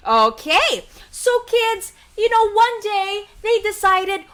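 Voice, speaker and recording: A woman telling a story live to children, animated and coaxing them to repeat lines. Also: very high-pitched, unhurried, hardly any pauses. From Philippines.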